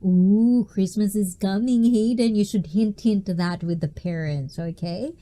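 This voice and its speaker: A woman's voice: medium pitch, measured pace, dark tone. A woman hosting a casual livestream, chatting playfully, reading viewers' messages aloud and laughing often. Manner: playful, talkative. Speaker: livestream host.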